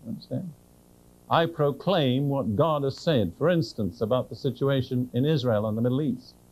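Earnest preacher with a mellow voice. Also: male voice, medium pitch, poor audio. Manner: earnest, asks listeners direct questions; slows down to read scripture with emphasis. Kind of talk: sermon.

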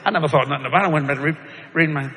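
A man, preaching and telling a story with lively shouts and laughter. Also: a little high, very fast. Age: older. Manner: animated, shouting punchlines, laughing. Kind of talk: sermon storytelling. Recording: echoey hall with crowd.

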